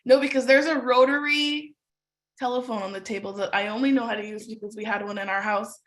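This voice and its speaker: A middle-aged woman from Canada telling a lively personal story in a webinar. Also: a little high, fairly quick. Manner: animated storyteller who acts out voices. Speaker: webinar presenter.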